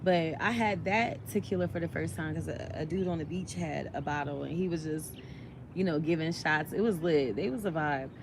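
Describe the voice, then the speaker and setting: A woman's voice: low-pitched, moderate pace, vocal fry, noisy background. A woman vlogger chatting casually while eating, in a laid-back, chatty way.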